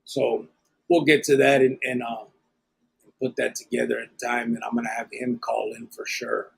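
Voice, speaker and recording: Husky plainspoken man hosting a podcast. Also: medium pitch, little pitch movement, moderate pace. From Arizona. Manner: plainspoken, slangy, drops Spanish words. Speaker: podcast host. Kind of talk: casual live podcast chat, reading viewer comments.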